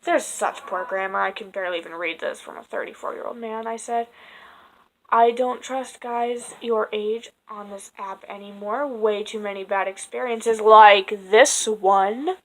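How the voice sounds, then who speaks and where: A woman's voice: mid-range voice, steady tone, a little slow, poor audio. A woman in her twenties reading dating app messages aloud in a casual vlog, exasperated and sarcastic, and she swears freely. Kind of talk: casual storytelling. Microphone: phone.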